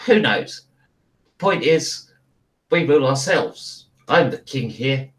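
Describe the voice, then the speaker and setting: A man voicing a cocky male kangaroo king in a tabletop game, with a gruff, bragging, put-on Australian accent that slips. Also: mid-range voice, animated, takes it slowly, distant mic, rough recording. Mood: boastful.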